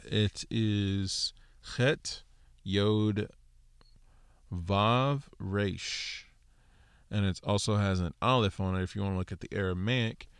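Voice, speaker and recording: Male bible teacher, low voice, unhurried delivery, dry close sound, loose casual explaining. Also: clear, resonant tone, no echo. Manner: explains Hebrew word studies, many fillers like "so" and "okay". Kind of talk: casual scripture lesson.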